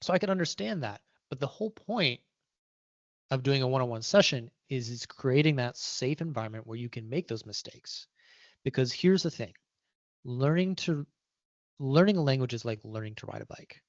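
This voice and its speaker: A man's voice: mid-range voice, expressive, moderate pace, no echo, lo-fi sound. A man giving an interview, talking casually with restarts and "right?" tags. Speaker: guest.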